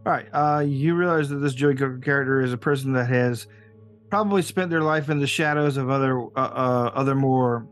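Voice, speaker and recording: A man's voice: mid-range voice, fairly quick, soft background music. A man narrating as game master, hesitant and full of restarts. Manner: hesitant, many fillers and restarts.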